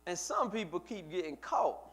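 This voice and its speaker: Male pastor with a slightly high voice, loose conversational sermon, lots of repeats and asides to the church. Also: very animated, normal speed, fairly bright tone. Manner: conversational preaching, repeats words, talks to the congregation.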